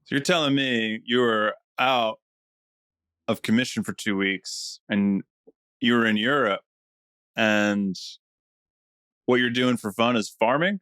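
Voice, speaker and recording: A man's voice: medium pitch, slow, pauses often, a bit bright, clear, resonant tone, no echo. A man co-hosting a podcast in casual chat, teasing and joking. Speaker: podcast co-host. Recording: dry close sound.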